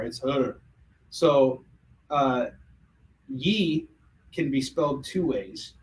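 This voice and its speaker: An American man hosting a livestream, selling comics and chatting casually in an animated, jokey way with many fillers and restarts. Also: medium pitch, a little hiss or hum, rough recording.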